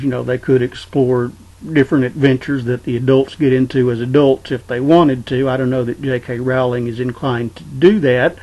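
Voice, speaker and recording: A man casually discussing a book, talking in an unhurried way and reading passages aloud. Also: mid-range voice, darkish tone, lo-fi sound. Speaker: book reviewer.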